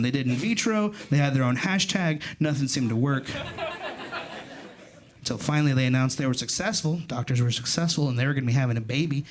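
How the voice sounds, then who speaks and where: Animated male comic, lively high voice. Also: noisy background. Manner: animated storytelling, jumps into loud high voices for punchlines. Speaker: stand-up comedian. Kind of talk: stand-up comedy set. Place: comedy club stage. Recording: live club recording with crowd laughter. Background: audience laughter.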